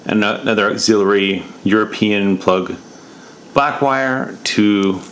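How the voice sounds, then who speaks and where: A man's voice: on the low side, measured pace, a bit bright, slight background noise. A man narrating a casual do-it-yourself motorcycle job in a laid-back, rambling way, now and then mildly exasperated. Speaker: motorcycle DIY vlogger.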